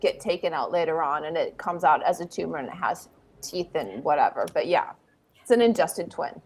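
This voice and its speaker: A woman with a fairly low voice explains things plainly in a casual chat. She sounds matter-of-fact rather than dramatic. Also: expressive, normal speed, a little mellow, breathy edge.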